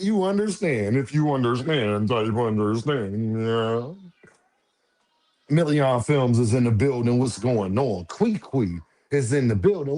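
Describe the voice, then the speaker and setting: A man hosting a casual livestream, firing off lively, repetitive shout-outs to viewers with slangy banter. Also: mid-range voice. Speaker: livestream host.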